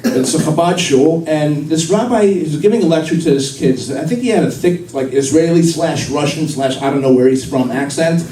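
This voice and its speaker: A man's voice: on the high side, moderate pace, hardly any pauses, warm tone. A young man performing a rambling stand-up comedy set, with self-deprecating punchlines, at a live event with an audience. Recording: echoey hall recorded from far off with crowd noise.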